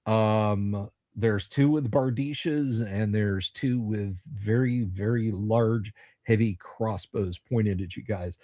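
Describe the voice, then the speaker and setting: A man working as dungeon master, describing a scene in a halting way with many pauses and fillers. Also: on the low side, steady tone, warm tone, no room sound. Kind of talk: running a tabletop game on a livestream.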